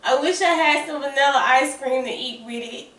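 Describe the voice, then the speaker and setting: Excitable Southern woman chatting in her kitchen. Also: sits high, normal speed, recorded from a distance. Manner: excitable, chatty, calls viewers y'all and baby. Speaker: home baking vlogger. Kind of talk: casual chat to camera. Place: home kitchen. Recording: roomy kitchen sound, off-mic.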